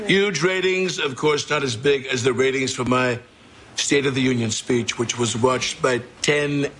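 A man's voice: mid-range voice, a little slow, background noise, lightly acted. A man doing a boastful bragging president. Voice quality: puffed-up boasting delivery. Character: boastful bragging male president, self-satisfied. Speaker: sketch comedy performer. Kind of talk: comedy sketch impression.

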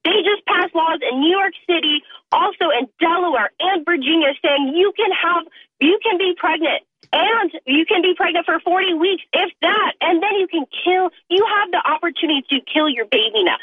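A high-voiced young woman in her twenties calls in and rants in a heated, indignant way. Her voice climbs toward a shout. It comes through a thin, tinny phone line. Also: lively intonation, normal speed, no room sound. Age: 20s. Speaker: caller. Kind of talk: impassioned call-in rant.

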